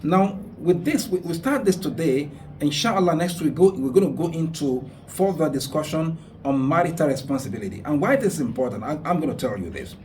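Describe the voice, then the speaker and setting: A man's voice: fairly high pitch, animated, a little fast, darkish tone, recorded from a distance. Man, radio host, earnest preaching advice, repeats for emphasis, faint background noise. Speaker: radio talk show host. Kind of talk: religious advice talk. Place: radio studio.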